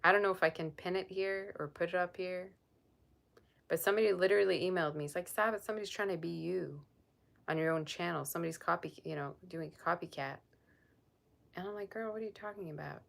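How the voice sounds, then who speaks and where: A woman's voice: fairly low pitch, steady tone, fast talker, vocal fry, a bit bright. A woman tarot reader chatting on a live stream, blunt and sassy as she reads and answers viewer comments. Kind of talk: casual live-stream chat.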